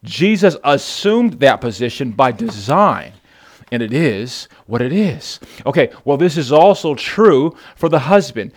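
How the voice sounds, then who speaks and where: A man's voice: medium pitch, big pitch swings, unhurried. A male pastor preaching a sermon, emphatic, repeating words and asking the congregation questions.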